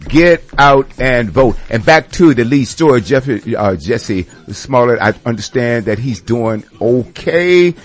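A man's voice: medium pitch, animated, slow pace, few pauses. A male radio host delivering an indignant, sarcastic rant with many exclamations. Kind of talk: ranting commentary.

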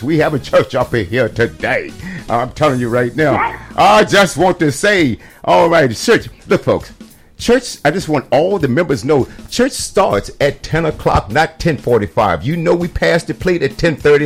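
A man hosts a radio segment, calling out to the folks in a playful preacher style. His voice sits at an ordinary pitch, with faint music underneath. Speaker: radio host. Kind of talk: mock church announcements on radio.

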